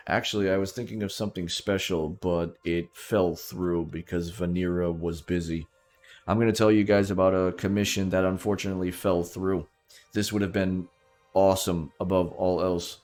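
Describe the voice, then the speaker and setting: A man with a very low, deep voice chats playfully on a live stream. He hams up his role as a king and talks directly to his viewers, with faint music underneath. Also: fairly even intonation, moderate pace, darkish tone. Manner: playful and theatrical, talks straight to his chat. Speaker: streamer playing a king persona. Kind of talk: casual live-stream chat.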